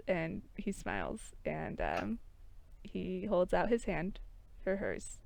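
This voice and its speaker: Animated woman narrating a tabletop game. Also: lowish voice, takes it slowly, gravelly, a little hiss or hum. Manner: animated storyteller, laughs often. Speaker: tabletop role-play player. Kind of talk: casual tabletop role-play narration.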